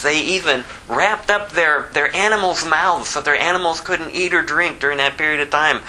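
A man preaching a verse-by-verse sermon, telling the story animatedly and swinging from loud to hushed. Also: fairly high pitch, a little hiss or hum, rough recording. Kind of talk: expository sermon.

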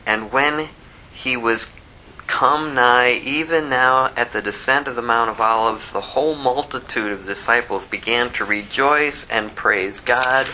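A pastor preaching from the podium in an easy, conversational way, stopping often to ask rhetorical questions. His voice is bright and clear, with a soft bed of room sound behind him. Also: medium pitch, a little hiss or hum, poor audio. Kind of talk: sermon with scripture reading.

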